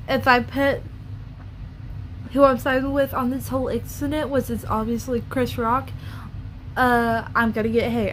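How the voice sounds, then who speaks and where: A woman's voice: fairly high pitch, a bit bright, slight background noise. Blunt, cursing woman on a vlog rant. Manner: blunt, profane, ranting. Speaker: YouTuber.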